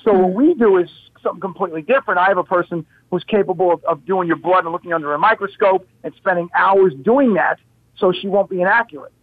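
A man with a high voice talks emphatically, tossing out rhetorical questions as he tells his story. The sound is dry and tinny, like a phone line. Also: quick pace, no room sound. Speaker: guest, health practitioner. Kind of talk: animated storytelling on a talk show.

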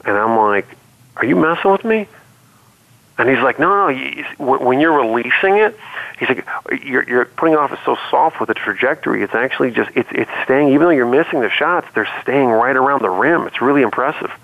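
Gravelly man on a tinny line. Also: medium pitch, lively intonation, a little fast. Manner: earnest storytelling with many restarts. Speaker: guest. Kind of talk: casual conversation.

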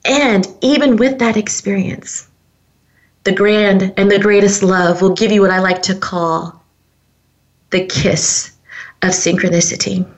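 A woman's voice: mid-range voice, steady tone, unhurried. A woman hosting a podcast, telling a personal story in an earnest, heartfelt way straight to her listeners. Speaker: podcast host.

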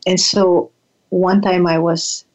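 An older woman telling reflective stories in an unhurried, halting way, often repeating words as she thinks. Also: fairly low pitch, flat delivery, rough recording. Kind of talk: reflective storytelling.

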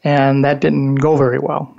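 A man's voice: mid-range voice, completely flat delivery, normal speed, creaky, darkish tone. A man hosting a casual interview, making brief encouraging remarks. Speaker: host. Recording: dull lo-fi audio.

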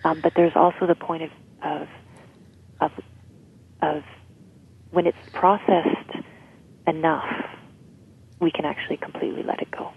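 A woman's voice: low-pitched, level tone, a little slow, long pauses, breathy edge. A woman guest explaining emotional healing in an interview, often checking in with "right?". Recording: tinny phone-like line.

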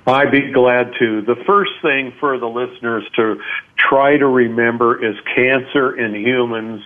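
Slow-talking man on a phone line. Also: medium pitch, steady tone. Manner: measured, explanatory, frequent hesitations. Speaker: doctor guest. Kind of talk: radio interview.

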